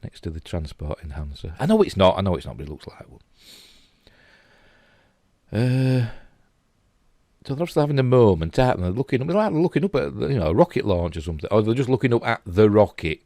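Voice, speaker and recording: Talking fairly quickly in a lowish, warm, sing-song voice, a middle-aged host from England with a Yorkshire accent rambles casually and chuckles as he remarks on pictures. The chatty recording is dry with clean studio sound.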